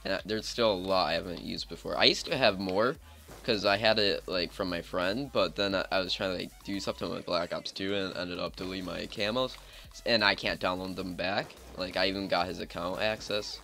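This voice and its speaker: A man's voice: low voice, fairly quick, gravelly, bright, forceful tone, soft background music. A man giving casual, rambling commentary over his own gameplay, talking in a chatty way and saying "like" a lot. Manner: rambling, chatty, heavy use of filler "like". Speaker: gaming channel host.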